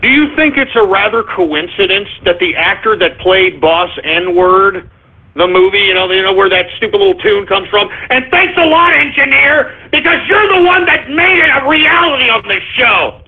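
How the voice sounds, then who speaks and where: Mocking high-voiced male radio host. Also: expressive, moderate pace, husky. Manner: loud, mocking, rambling. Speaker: radio talk show host. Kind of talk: shock-jock call-in radio. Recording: lo-fi phone-like radio sound.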